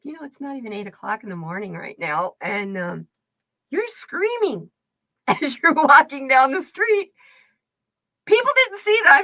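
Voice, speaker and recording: A middle-aged woman from the United States chatting casually with her stream viewers, telling animated stories and laughing often. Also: medium pitch, no echo. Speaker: livestream card reader host. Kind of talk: casual storytelling chat.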